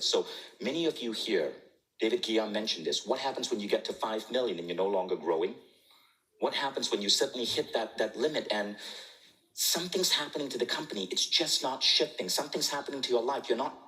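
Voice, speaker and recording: A man in his forties telling a story to a live audience as a keynote speaker, animated and often chuckling. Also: on the low side, poor audio. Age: 40s. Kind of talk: storytelling talk on stage.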